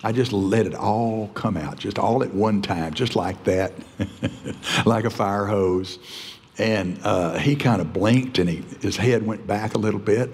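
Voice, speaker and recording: A man's voice: on the low side, a little mellow. An older man preaching a sermon as pastor, telling folksy stories and chuckling often. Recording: church hall reverb.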